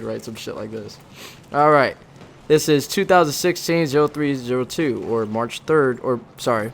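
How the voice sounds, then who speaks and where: A man's voice: mid-range voice, fairly bright tone. Young man, American, ex-Marine, profane, sardonic, reading a diary, gameplay commentary, faint background noise. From United States. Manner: profane, sardonic, laughs at himself. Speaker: former Marine reading his old journal.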